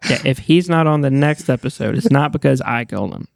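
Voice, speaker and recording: Male podcast co-host, gravelly, dry teasing. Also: medium pitch, brisk, no room sound. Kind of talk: casual chat.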